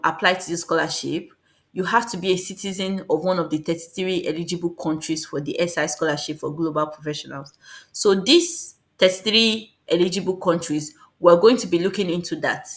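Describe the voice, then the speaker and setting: A woman giving a casual, fast explainer on applying for a scholarship, often repeating and correcting herself. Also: on the low side. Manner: fast, repetitive, self-correcting. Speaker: scholarship guide vlogger.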